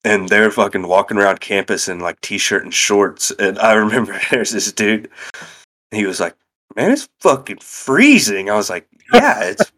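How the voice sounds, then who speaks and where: A man's voice: on the low side, flat delivery, moderate pace, pushed and bright. A young man from central Indiana, telling stories in casual chat, swearing freely and laughing often. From central Indiana, USA.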